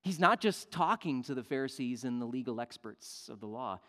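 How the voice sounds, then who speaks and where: A male pastor preaching a sermon, emphatic, swinging between loud declarations and hushed asides. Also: medium pitch, lively intonation, moderate pace. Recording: long reverb of a large hall.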